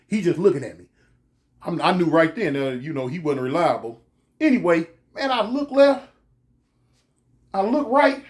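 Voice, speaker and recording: A man casually telling a comic story from his own life, animated and full of street slang. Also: sits high. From California. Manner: animated, slangy, drawn-out pauses.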